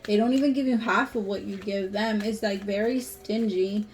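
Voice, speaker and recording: A woman's voice: medium pitch, fairly even intonation, normal speed, a little mellow, slight background noise. A woman giving a casual tarot reading to camera, talking bluntly and emphatically and swearing freely. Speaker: tarot reader.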